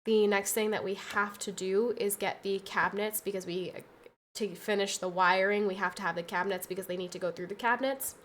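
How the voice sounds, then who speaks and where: A young woman streaming a casual chat, tired and tearful, talking softly with many pauses and restarts. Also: medium pitch, a little hiss or hum. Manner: soft, halting, full of fillers and restarts.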